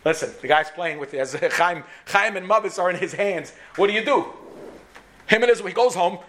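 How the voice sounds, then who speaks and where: A man's voice: sits high, moderate pace, fairly bright tone. A man telling a sermon story dramatically, with repetition, acting out the dialogue.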